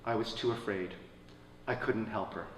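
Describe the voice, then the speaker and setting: A man telling a personal story at a live show, swinging between loud excited bursts and quiet somber lines. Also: lowish voice, normal speed. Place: stage at a live radio show. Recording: echoey stage from a distance, faint room noise.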